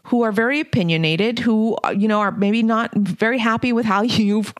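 A woman's voice: a little high, moderate pace, no echo, studio quality. A middle-aged woman hosting a podcast, talking in a candid, blunt, casual way with mild swearing. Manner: blunt, candid, mildly profane. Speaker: podcast host and leadership coach. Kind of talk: casual monologue.

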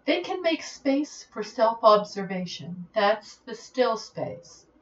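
A woman leadership coach giving a podcast monologue, speaking in a deliberate, instructive way. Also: a little high, big pitch swings, lo-fi sound.

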